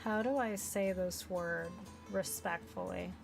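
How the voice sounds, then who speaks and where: Excitable woman streaming a visual novel. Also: lowish voice, measured pace, creaky, over music. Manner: playful, excitable asides. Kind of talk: reading a visual novel live with commentary.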